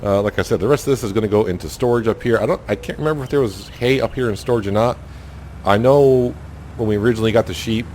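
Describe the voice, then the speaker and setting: A man with a very deep voice talks through his gameplay in a relaxed, rambling way, full of "uh" and "you know." Faint game sounds sit under his voice. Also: slight background noise. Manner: rambling, thinks aloud with many fillers. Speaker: gaming channel host. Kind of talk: casual let's-play commentary.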